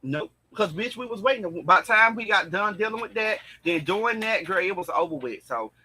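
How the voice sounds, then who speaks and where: A man with a husky yet bright, slightly high voice. He chats in a sassy, dramatic way, calling people girl and honey, and trades quick lines in the talk. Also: animated. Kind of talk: casual chat.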